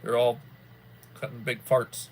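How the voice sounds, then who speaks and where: A man's voice: mid-range voice, flat delivery, unhurried, a little hiss or hum. A man hosting a livestream in casual chat, rambling in a folksy way and repeating himself. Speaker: livestream host.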